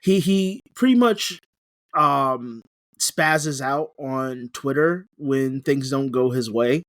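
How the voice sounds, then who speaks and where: A man's voice: mid-range voice, slow pace, a bit bright, no echo, studio quality. A young man on a podcast, chatting casually and rambling, often restarting sentences and laughing. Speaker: podcast co-host. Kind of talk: casual chat.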